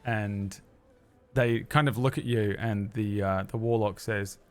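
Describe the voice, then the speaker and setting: Low-voiced male game master. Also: unhurried, faint music behind. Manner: relaxed, hesitant narration. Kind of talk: narrating a tabletop game.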